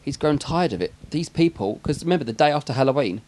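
A man's voice: fairly high pitch, lively intonation, fast talker, a little mellow. Chatty, jokey English man. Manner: jokey, rambling, laughs often. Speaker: podcast co-host. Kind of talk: casual chat about a film.

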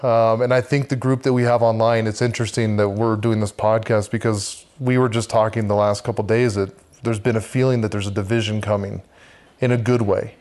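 A man's voice: lowish voice, flat delivery, fairly quick, a little mellow. A man, guest on a podcast, earnestly telling a vivid personal faith story and talking about leading a men's church group.

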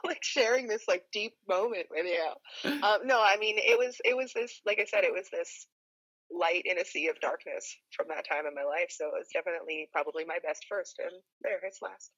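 A woman's voice: fairly low pitch, normal speed, a bit bright, poor audio. A woman guest in a casual chat, talking hesitantly with many fillers and frequent laughs. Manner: hesitant, rambling, laughs often.

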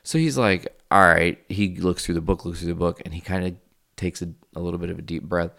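A man in his thirties talks straight to his audience in a deep voice with a rough, creaky edge. His stories ramble and wander, full of swearing and casual asides, as if chatting with friends. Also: quick pace. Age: 30s. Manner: rambling, profane, confessional. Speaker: vlogger. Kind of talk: casual storytelling vlog.

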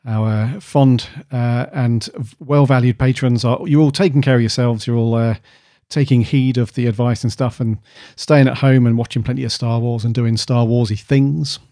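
A man's voice: medium pitch, fairly even intonation, normal speed, few pauses, warm tone, no room sound, studio quality. Chatty man hosting a podcast. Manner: chatty, jokey, slangy. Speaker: podcast host. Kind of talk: casual podcast chat.

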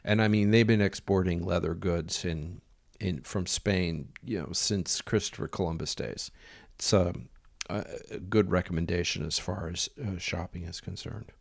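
A man recounts a personal story in a loose, meandering way, dropping in ums and quoted lines of dialogue. His voice sits low and has a gravelly, creaky texture. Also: steady tone, normal speed. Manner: rambling, filler-heavy storytelling with quoted dialogue. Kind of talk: casual anecdote.

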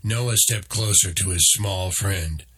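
A man with a husky voice reading a children's storybook aloud in a slow, even way. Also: low voice. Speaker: narrator. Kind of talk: storybook narration.

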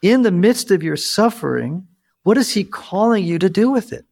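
A man in his fifties hosting a podcast interview, telling stories earnestly with lively emphasis. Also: high-pitched, normal speed, creaky. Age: 50s. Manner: earnest, storytelling, animated emphasis. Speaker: podcast host. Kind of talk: casual interview chat.

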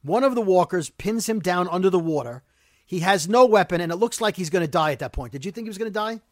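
Man, high voice, very dry sound, casual episode recap, fast animated ranting. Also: no room sound. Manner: animated, talks fast, rants about plot holes. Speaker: podcast host recapping a TV episode.

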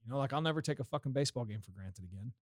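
A man's voice: medium pitch, animated, rapid-fire, dry recording, studio quality. A man co-hosting a podcast, giving earnest, reflective closing thoughts with casual swearing. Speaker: podcast co-host. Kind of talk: casual political chat.

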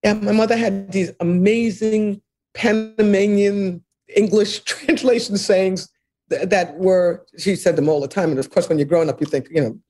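An older woman in a reflective interview, her voice husky and a little breathy. She speaks earnestly and with emphasis, circling back to repeat key phrases and laughing softly between thoughts. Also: medium pitch, fairly even intonation, moderate pace. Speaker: interview guest, author.

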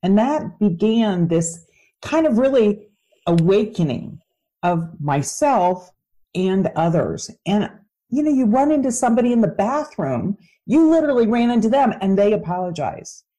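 A woman's voice: mid-range voice, big pitch swings, unhurried, dark tone. A woman empowerment coach, a podcast guest, telling stories in an earnest, emphatic way. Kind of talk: storytelling interview answers.

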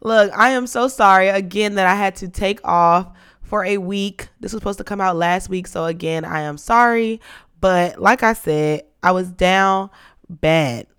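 A young woman hosting a podcast in casual chat, playful and dramatic, her voice lowered and rough from being sick. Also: normal speed, fairly bright tone. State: sick, voice deeper than usual. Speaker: podcast host.

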